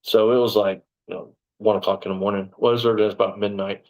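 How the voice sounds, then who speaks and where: A man's voice: lowish voice, level tone, quick pace, highs cut off. A man from Texas, a former police officer telling his story in a casual interview, rambling and digressive with lots of "you know".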